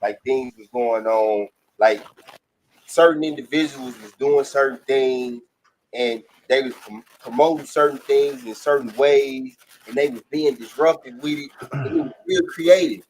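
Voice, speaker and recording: A man's voice: medium pitch, measured pace, a little mellow, slight background noise. A man, co-hosting a podcast in loose, profane, emphatic casual chat that circles back on itself. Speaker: podcast co-host.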